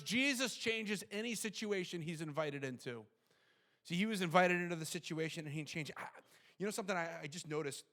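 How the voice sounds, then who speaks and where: A male pastor preaching a sermon in an animated way, acting out quoted lines and dropping to quiet intensity for tender moments. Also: on the high side.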